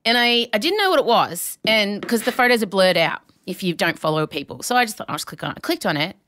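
An Australian woman in her forties, co-hosting a podcast and telling a story with lively acted-out voices in casual chat. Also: mid-range voice, fast. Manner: animated storyteller, acts out voices. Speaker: podcast co-host.

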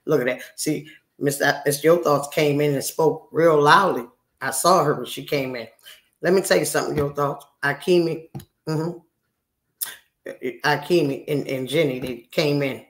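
A woman's voice: low-pitched, moderate pace. A woman in her sixties chatting live with her viewers, brash, profane and teasing as she scolds them. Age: 60s. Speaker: livestreamer. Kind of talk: casual live-stream chat with viewers. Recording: roomy echo.

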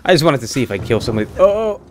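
A young man giving lively let's-play commentary, exclaiming and laughing often as he plays a shooter game. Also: medium pitch, rapid-fire, slight background noise. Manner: excitable, frequent exclamations and laughs. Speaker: gamer. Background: game music and gunfire.

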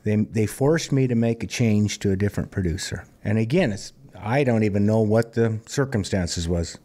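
A man in his fifties from Montana, a singer-songwriter telling plainspoken stories in a relaxed interview. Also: on the low side, normal speed. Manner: relaxed, plainspoken anecdotal storyteller. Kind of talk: conversational storytelling interview.

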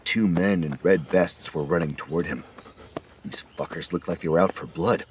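A man narrating an audiobook horror story in a steady scripted reading. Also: deep voice, moderate pace, slight background noise.

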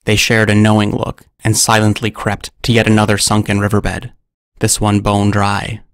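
A man telling a scripted story in narration, with a dry, deadpan humor. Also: fairly low pitch, moderate pace, smooth, no echo.

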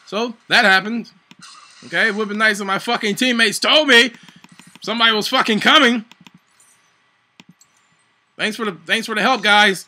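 A man giving live gameplay commentary, excitable and panicky, swearing constantly and shouting in sudden bursts. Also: sits high, moderate pace, pauses often, a little hiss or hum. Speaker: gaming channel host.

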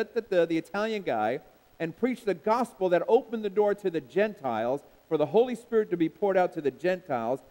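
Preaching in a church sanctuary, a man whose voice sits high with a darkish tone repeats emphatic refrains and calls out for the congregation to respond. He's the pastor, and the recording has a long hall reverb in the church.

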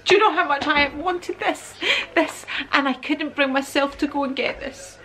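A woman in her fifties unboxing gifts on her vlog, gushing and stammering with excitement, repeating her exclamations. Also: high-pitched, measured pace, hardly any pauses, poor audio. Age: 50s. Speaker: vlogger.

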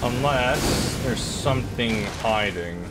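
A young man giving casual, rambling commentary as he plays a video game, talking to himself with sudden excited outbursts. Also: mid-range voice, slow, very noisy. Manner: chatty, rambling, self-talk with excited outbursts. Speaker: gaming channel host. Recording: game music playing behind. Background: game music.

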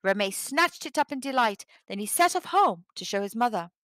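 Lively woman reading a children's story. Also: on the high side, moderate pace, dry recording. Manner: expressive, animated storytelling. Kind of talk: children's read-aloud narration.

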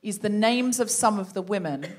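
A woman's voice: medium pitch, animated, moderate pace. A woman hosting a live comedy podcast, telling a story in a chatty way and laughing often.

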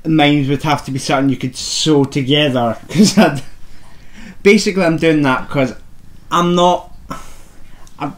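Slow-talking man in casual chat. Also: fairly high pitch. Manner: chatty, showing off yarn. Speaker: co-host of a crafting podcast. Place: home, at a table. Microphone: camera on a table.

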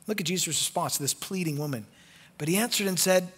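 Guy pastor preaching, goes loud and pleading then real quiet, husky voice, echoey church. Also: high-pitched, fast talker. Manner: passionate, swings from loud pleading to hushed; acts out quoted voices in conversational asides. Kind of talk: sermon. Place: church sanctuary.

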